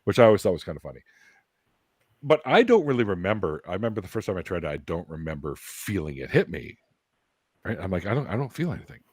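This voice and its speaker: Lively canadian guy in his 40s, low voice, swoopy pitch, laughs and does voices while telling stories, dry sound. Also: quick pace, slightly rough, no room sound. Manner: animated, laughing storyteller who acts out voices. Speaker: guest. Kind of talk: casual storytelling chat.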